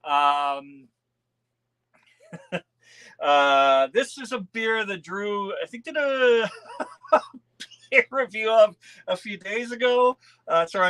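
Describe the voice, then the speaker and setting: Casual male streamer, bright and a touch high, loose and giggly, talking straight to his chat. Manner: chatty, laughs often, talks to viewers. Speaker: beer channel host.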